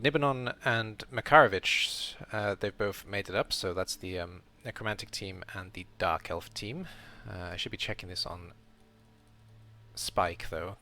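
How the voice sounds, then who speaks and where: A man's voice: sits low, pushed and bright, slight background noise. A man streaming a casual round-up of his game league as host, rambling and correcting himself as he thinks aloud.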